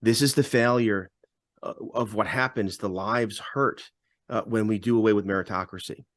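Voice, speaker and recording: A man's voice: lowish voice, steady tone, normal speed, no room sound, studio quality. A man co-hosting a political talk show, speaking emphatically and stumbling over repeated words as he builds his points. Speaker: radio host and podcast co-host.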